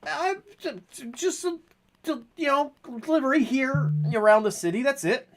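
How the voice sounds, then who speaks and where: A man's voice: expressive, normal speed, fairly bright tone, exaggerated voice. A jittery courier who trips over every word, put on by a man running a tabletop game. The voice jumps well above his own and sounds strained and eager to please. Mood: nervous. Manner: stammering, high and nervous. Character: jittery, stammering city delivery courier.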